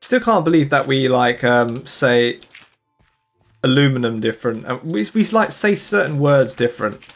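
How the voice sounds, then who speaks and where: A man's voice: medium pitch, expressive, moderate pace, soft background music. Young british guy streaming, chatty, laughing a lot and answering chat, voice right in the middle. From United Kingdom. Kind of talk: casual chat while gaming.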